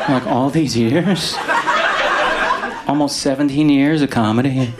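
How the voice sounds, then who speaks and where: A man doing stand-up comedy with slow, deadpan timing. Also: medium pitch. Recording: noisy live stage recording.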